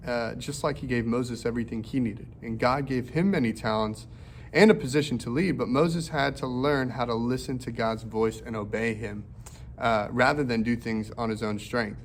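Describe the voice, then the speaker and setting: A man leads a children's Bible lesson with a mid-range voice, neither high nor low. He keeps it lively and acts out the story's characters for the kids, and a faint hum of room ambience sits behind him. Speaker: children's ministry teacher.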